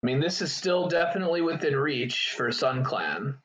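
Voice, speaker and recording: A man co-casting a card game match, giving measured analysis and reactions. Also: medium pitch, expressive, a bit bright, rough recording. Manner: measured analysis, laughs easily. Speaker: esports co-caster. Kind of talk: relaxed game commentary.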